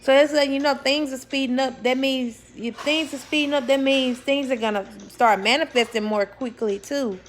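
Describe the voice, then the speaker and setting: A woman's voice: high voice, steady tone, moderate pace, hardly any pauses. A young woman talking casually to her viewers about spirituality, blunt and swearing freely, often repeating words for emphasis and laughing as she talks. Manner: laughs while talking, self-correcting. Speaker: spiritual vlogger. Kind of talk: casual spiritual talk to camera.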